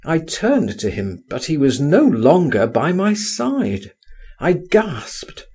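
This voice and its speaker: A man reading a story aloud, narrating and pressing his case with expressive, persuasive delivery. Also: on the high side, takes it slowly, husky. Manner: expressive, persuasive, lively intonation. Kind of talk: audiobook narration.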